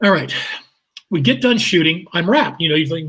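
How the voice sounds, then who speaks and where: A man with a slightly husky, fairly high voice, recounting stories in a lively, animated way. He laughs as he talks and swings into other people's voices. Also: fast, poor audio. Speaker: guest actor and comedian. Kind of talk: anecdotal storytelling.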